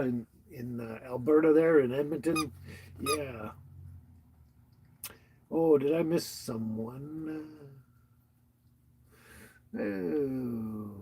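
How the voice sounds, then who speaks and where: Slow, husky-voiced man chatting on a livestream. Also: fairly high pitch, darkish tone. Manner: rambling, chuckling, chatting to viewers and his dog. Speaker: livestream host. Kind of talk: casual livestream chat.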